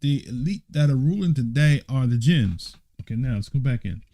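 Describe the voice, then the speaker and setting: Animated man leading a Bible study. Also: medium pitch, normal speed, dry recording. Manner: animated, teasing asides with laughter; mock-surprised exclamations. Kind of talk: Bible study, reading aloud and commenting.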